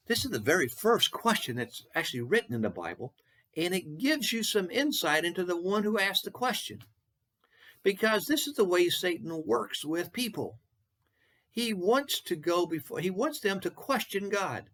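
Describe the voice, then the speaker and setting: A man from Texas giving a short devotional sermon, earnest, with slow, repeated questions for emphasis. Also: high voice, big pitch swings, fairly bright tone. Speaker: preacher.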